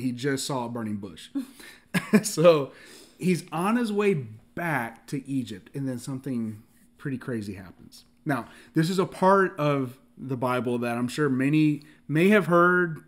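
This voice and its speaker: A man preaches in a relaxed, conversational way, his voice sitting a touch higher than most men's. He is animated and laughs often, voicing the characters in the story as he goes, and he stumbles and restarts, leaning on filler words. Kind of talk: casual sermon.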